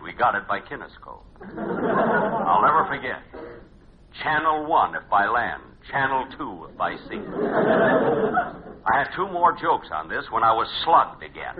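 Man, radio comedy host, deadpan delivery, wry asides, animated pitch, heavy hiss. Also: unhurried, long pauses. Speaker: comedy show host and narrator. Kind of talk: 1950s radio comedy narration and sketch. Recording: tinny noisy old radio broadcast.

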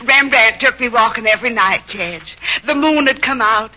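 Guy doing a coy old lady, 70s, real high and bright, dreamy drawl, dull old radio sound. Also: moderate pace, heavily acted. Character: 71-year-old woman, swooning and coy. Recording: dull lo-fi 1940s radio recording.

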